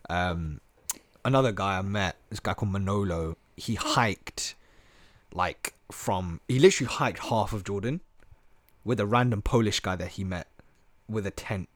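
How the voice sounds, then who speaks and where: A man telling travel stories on a podcast, animated and slangy, full of "bro" and "like". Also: lowish voice, moderate pace, dry recording. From England. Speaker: podcast host. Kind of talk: casual storytelling chat.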